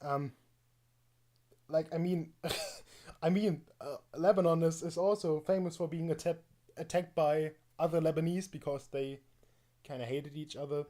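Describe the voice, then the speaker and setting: A man's voice: fairly high pitch, steady tone, measured pace, long pauses, dark tone. A man streaming live, reacting to a video with rambling, mocking commentary, full of fillers and laughs.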